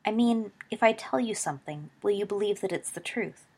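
An earnest teenage boy talks softly and carefully, read by a woman in her own voice. His speech is hushed and low in level, sincere rather than showy. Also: fairly quick, slightly rough.

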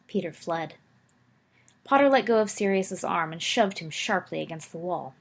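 A woman narrating a story aloud, expressive with occasional slips and self-corrections. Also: on the low side, normal speed, creaky, breathy edge. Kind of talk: audiobook narration of fan fiction.

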